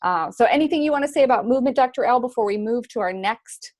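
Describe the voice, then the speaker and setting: A woman's voice: on the high side, animated, quick pace, darkish tone, no room sound. A woman hosting a live online family show, upbeat and encouraging, with frequent "uh" fillers. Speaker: host.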